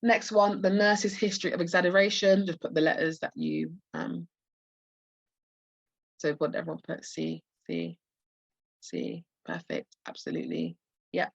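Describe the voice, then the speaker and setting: A woman tutor, hoarse and losing her voice, walks students through practice test answers with many restarts and fillers. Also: fairly low pitch, lively intonation, a little slow, pauses often, dry recording, lo-fi sound. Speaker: medical school admissions tutor. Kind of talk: live online practice test walkthrough.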